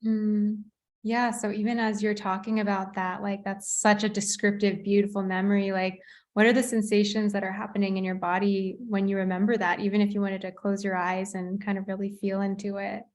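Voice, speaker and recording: A woman facilitating a somatic workshop, guiding a participant with gentle, slow prompts and frequent fillers. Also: medium pitch, little pitch movement. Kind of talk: guided coaching session.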